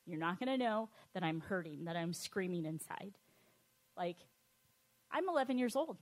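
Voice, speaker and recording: A woman sharing a personal testimony in a conversational, halting way, with fillers and restarts, dropping to a soft, quiet voice at tender moments. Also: fairly low pitch, animated.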